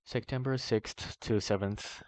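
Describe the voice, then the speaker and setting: A man reading a long document aloud in a steady way, now and then stumbling and correcting himself, in a dull, slightly muffled recording. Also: lowish voice, unhurried, dry recording. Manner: steady reading with small slips and self-corrections. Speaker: reader of a document. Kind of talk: long read-aloud narration.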